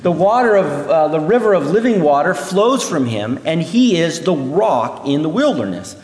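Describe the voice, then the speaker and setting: A man teaching through a Bible passage in an animated way, acting out the voices he quotes. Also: a little high, normal speed. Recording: echoey hall reverb.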